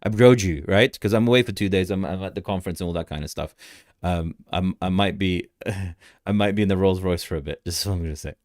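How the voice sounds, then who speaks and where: A man's voice: deep voice, dry recording, clean studio sound. A young man hosting a casual crypto livestream, rambling through charts, greeting viewers in the chat and laughing often.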